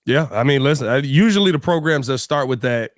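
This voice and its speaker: A man's voice: medium pitch, animated, a little fast, dry recording, studio quality. A man hosting a sports podcast, upbeat and slangy, joking with his co-host. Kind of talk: casual sports talk.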